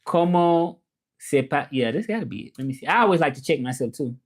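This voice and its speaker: A man's voice: a little high, animated, fairly quick. Chatty man live-streaming to viewers. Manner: rambling, chatty, greets viewers by name and tries out French phrases. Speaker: livestreamer.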